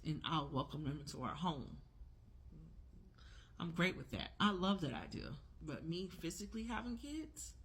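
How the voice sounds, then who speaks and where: In her casual opinion vlog, this forty-something woman hammers her points by saying key words again and again, her fairly low voice carrying a breathy edge.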